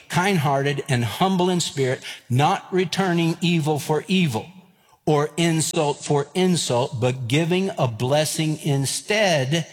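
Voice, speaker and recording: A man, preaching a sermon and telling stories with lively acted-out voices. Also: fairly high pitch. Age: 50s. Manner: animated, acts out quoted voices and escalating lines. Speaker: pastor. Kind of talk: sermon with storytelling. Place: church sanctuary. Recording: long hall reverb.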